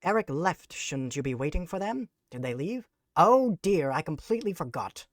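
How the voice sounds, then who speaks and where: A streamer chatting live on a desk mic, using grand, formal, mock-villainous phrasing with sarcastic deadpan jokes. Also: medium pitch, normal speed, no echo, studio quality. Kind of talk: casual live-stream chat.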